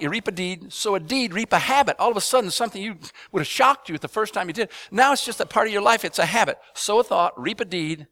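Preaching with a high-pitched voice and no echo, this man calls on the congregation to answer him, stacking rhythmic repetitions until they erupt into loud, forceful emphasis.

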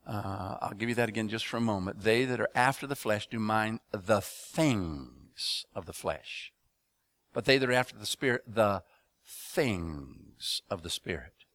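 A man preaching a sermon to a congregation, asking them to respond and building up rhythmic repeated phrases into loud emphatic bursts. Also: on the low side, moderate pace, no echo. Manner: addresses congregation with call-and-response questions.

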